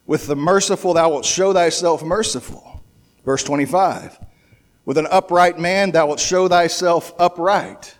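High-voiced man preaching a Bible study. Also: unhurried. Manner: conversational preaching with frequent restarts and rhetorical questions. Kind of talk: sermon, verse-by-verse Bible teaching.

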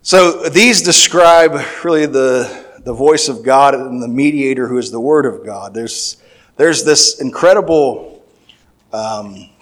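Man preaching a scripture sermon. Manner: reads scripture aloud, then explains with restarts and fillers; grows louder and higher when stressing points.

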